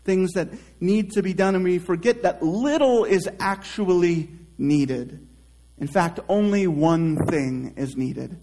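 A man preaching in a fairly high voice, taking his time over each phrase. He lets key words fall away softly, then slips into casual, chatty asides with small restarts. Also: low-quality recording. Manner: slow, reflective preaching with drawn-out soft phrase endings; conversational asides and self-restarts. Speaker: pastor. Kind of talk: sermon.

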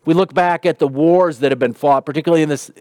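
A man's voice: a little high, fast, a little mellow, no echo, clean studio sound. A man preaching a sermon in an earnest, conversational way. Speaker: pastor.

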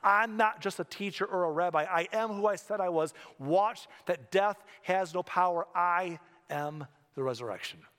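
Solemn, measured teacher, as a preacher voices him, higher male voice, echoing hall. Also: fairly bright tone. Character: calm commanding teacher praying aloud, a man. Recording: long hall reverb.

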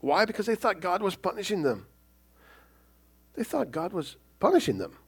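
Male pastor with a gravelly voice, chatty sermon, keeps saying right. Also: high-pitched, big pitch swings, moderate pace. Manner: conversational, keeps asking "right?".

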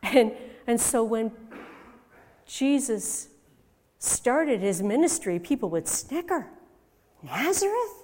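A woman giving a first-person dramatic monologue as a biblical mother, storytelling expressively and swinging from hushed to loud. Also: fairly high pitch, lively intonation, slow pace, pauses often. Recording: long reverb in a large hall.

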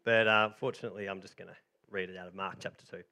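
A man's voice: deep voice, fairly even intonation, quick pace, gravelly, pushed and bright. A man preaching a sermon, jokey and chatty, cheerfully directing volunteers through a story. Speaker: pastor. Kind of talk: sermon with playful reenactment.

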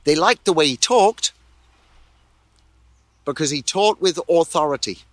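Animated male pastor preaching. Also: on the high side, measured pace, no room sound. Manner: animated, repeats words, rhetorical questions. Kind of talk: sermon.

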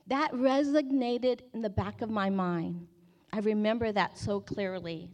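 A woman in her forties, a campus ministry staff member, gives a personal faith testimony in a medium-pitched, unhurried voice. She is animated, acting out her own past words as the story unfolds.

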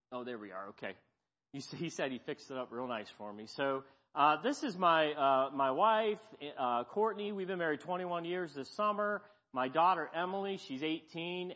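A middle-aged man preaching as a guest pastor, folksy and self-deprecating, growing animated as he tells stories. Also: a little high. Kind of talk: sermon with storytelling. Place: church sanctuary. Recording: dull sound, long church reverb.

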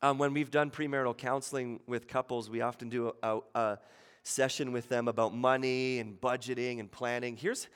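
A man's voice: steady tone, normal speed, clear, resonant tone. A man in his thirties preaching a sermon as a pastor, in a conversational way, often asking "right?" and acting out quoted voices. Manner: acts out quoted voices with sudden shifts in pitch and loudness. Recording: long reverb of a church hall.

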